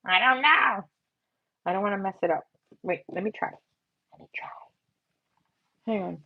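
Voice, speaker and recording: A young woman hosting a casual live drawing stream, bubbly and excitable, chatting to viewers as she draws. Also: mid-range voice, moderate pace, pauses often, slightly rough. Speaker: livestream doodling host. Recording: slightly muffled, faint music behind.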